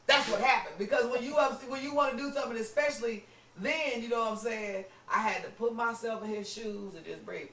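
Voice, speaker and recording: A woman podcast host telling a story in casual chat, animated and acting out what people said. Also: fairly high pitch, fairly quick, a little hiss or hum. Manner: animated, acts out quoted lines, lots of "you know what I'm saying". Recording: roomy room, distant mic.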